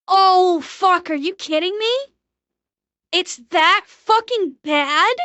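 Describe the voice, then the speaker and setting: A young woman streamer giving blunt, profane live reaction commentary, ranting quickly. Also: extremely high pitch, bright, forceful tone, no room sound.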